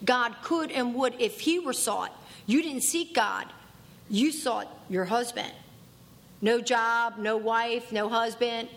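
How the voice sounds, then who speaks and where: A woman's voice: a little high, takes it slowly. A woman doing a stern, blunt old-timer man. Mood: scolding. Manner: scolding, insistent, repeats himself. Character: stern older male recovery mentor, blunt.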